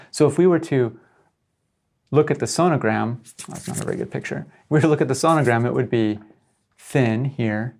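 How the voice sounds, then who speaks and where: A man's voice: mid-range voice, gravelly, darkish tone. A middle-aged male professor giving a lecture, explaining step by step and often checking in with "right?".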